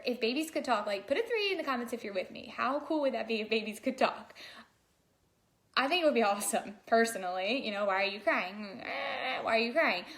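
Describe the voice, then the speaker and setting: A woman's voice: a little high, a bit bright. A woman vlogger and daycare provider giving a casual motivational talk to camera, chatty and full of "like", speaking straight to her viewers. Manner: chatty, fillers like "like", addresses viewers directly.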